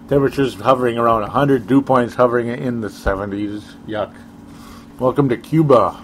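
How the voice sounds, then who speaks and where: Man co-host, rambling and chuckly, mid-pitched, faint hiss in the background. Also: moderate pace. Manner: rambling, chuckling, sarcastic asides. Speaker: co-host of a sports talk show. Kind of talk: casual sports chat.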